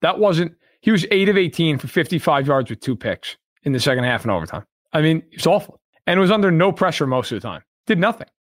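Man, podcast co-host, high lively voice, dry close sound, blunt and profane. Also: fast, dry recording. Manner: blunt, emphatic and profane, repeating points. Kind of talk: casual sports podcast discussion.

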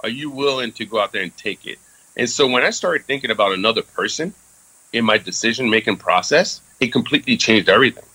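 A man's voice: mid-range voice, animated, fast talker, pushed and bright, husky, no echo, poor audio. A man who served in the Army, telling a candid story in casual talk with lots of fillers and some swearing. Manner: frequent fillers, candid and profane. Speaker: interview guest, Army veteran.

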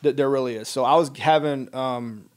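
A man's voice: medium pitch, moderate pace, smooth. Wry, plain-spoken middle-aged man. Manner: wry, jokey, plain-spoken, acts out dialogue. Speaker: military veteran guest. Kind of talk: casual podcast storytelling.

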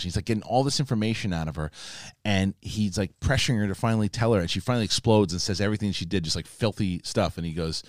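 A man's voice: fairly low pitch, fast, no echo, clean studio sound. A man co-hosting a casual live show, reading viewer messages and telling rambling stories. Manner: rambling, animated storytelling. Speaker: co-host. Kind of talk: casual live-stream chat.

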